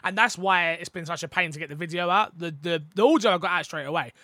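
A man's voice: high voice, fast talker, dry recording. A man with a British accent co-hosting a gaming podcast, chatting casually and playfully. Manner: playful, animated, jokes and does voices. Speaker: podcast co-host.

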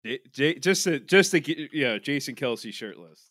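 A man's voice: mid-range voice, expressive, moderate pace, a bit bright, no echo, studio quality. A man co-hosting a podcast, trading loose, swearing banter with lots of fillers. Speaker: podcast co-host. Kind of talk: casual chat.

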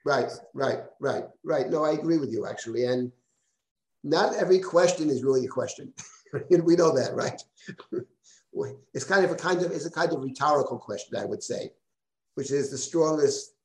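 A man's voice: a little high, normal speed. A man teaching a live Bible class as a rabbi, thinking aloud and often checking in with "right?". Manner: thoughtful, frequent "right?" and restarts. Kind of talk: live class lecture with questions. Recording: roomy echo.

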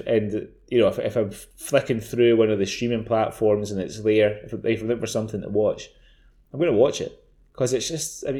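A man's voice: medium pitch, mellow. A man co-hosting a podcast, chatting casually, swearing freely and repeating words as he starts his sentences. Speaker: podcast co-host. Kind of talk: casual chat.

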